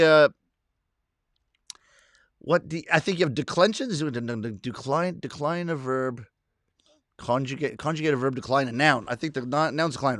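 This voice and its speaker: On a casual livestream, a middle-aged Canadian host reads out chat comments and laughs at himself in a chatty way. His voice is fairly high, captured in studio quality with no room sound.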